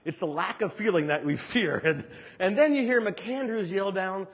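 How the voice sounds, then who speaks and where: A middle-aged man from New Jersey delivers a lively, humorous keynote story, slipping into voices as he acts out scenes. His voice is slightly high and husky. The recording is dull and muffled, with the long reverb of a large hall. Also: moderate pace. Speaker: keynote speaker.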